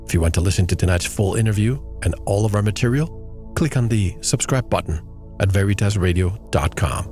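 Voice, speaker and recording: Over soft background music, a man from Puerto Rico opens his radio show and brings on his guest with smooth, polished broadcast delivery. His voice is fairly low, darkish, and expressive, and he talks a little fast.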